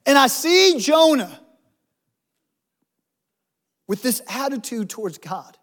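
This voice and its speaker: A man's voice: very high voice, sing-song, takes it slowly, long pauses, fairly bright tone. A man preaching a sermon as a pastor, in a conversational way with humorous asides.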